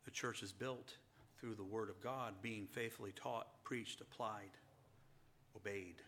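Bright-voiced male preacher. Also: on the low side, fairly even intonation, unhurried, slight background noise. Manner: preaching, asks and answers rhetorical questions, rises to emphatic passages; addresses listeners as saints. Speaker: pastor. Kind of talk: sermon.

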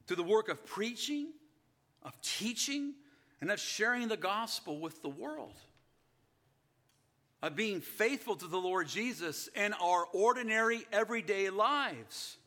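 A middle-aged pastor preaching an earnest sermon and asking the congregation rhetorical questions. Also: male voice, high voice, bright, forceful tone.

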